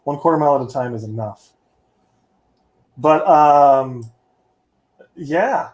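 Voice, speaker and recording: A man hosting a casual movie podcast, upbeat and quick to laugh. His voice sits fairly high, and the room around him rings with echo. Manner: laughs often, lively and upbeat. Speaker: podcast host. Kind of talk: casual chat. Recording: roomy echo.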